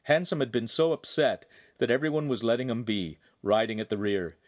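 A man narrating an audiobook in a steady, even storytelling manner. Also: medium pitch, a little fast.

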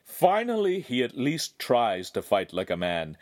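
A man's voice: mid-range voice, wildly swooping pitch, measured pace, a little mellow, no room sound, clean studio sound. A man doing a sneering villain swordsman. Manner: mocking, cruel taunts. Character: sneering arrogant young male swordsman villain. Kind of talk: audiobook narration.

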